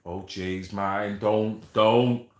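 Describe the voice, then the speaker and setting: A man's voice: on the low side, fairly even intonation, very slow, a little mellow, reverberant. A man hosting a casual livestream, bantering with viewers, swearing and reading out names from the chat. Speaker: livestream host.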